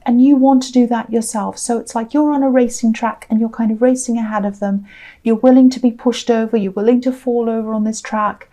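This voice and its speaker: Hesitant, earnest woman tarot reader, mellow. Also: on the high side. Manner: earnest, apologetic, hesitant with many ums. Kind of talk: tarot reading monologue.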